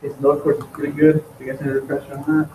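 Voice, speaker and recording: A man's voice: a little high, flat delivery, very fast, dark tone. A man chatting casually in a classroom, recommending online courses. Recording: distant, echoey, noisy classroom audio.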